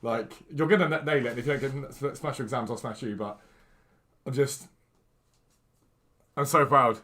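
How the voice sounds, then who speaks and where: In a medium-pitched, brisk voice, a young man plays a video game on stream and talks to his audience in a casual, lively, chatty way.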